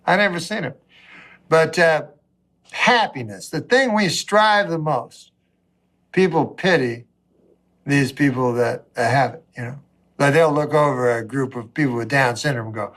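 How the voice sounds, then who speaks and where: A man doing a stand-up comedy monologue in a deadpan, rambling way, pausing often and acting out little quoted exchanges. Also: on the high side. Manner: deadpan, rambling delivery with drawn-out pauses and acted-out quotes.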